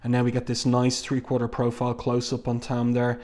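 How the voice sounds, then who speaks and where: Male comic reviewer, mid-pitched, calm and deliberate, close reading of the artwork. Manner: measured, thoughtful, frequent "um" fillers.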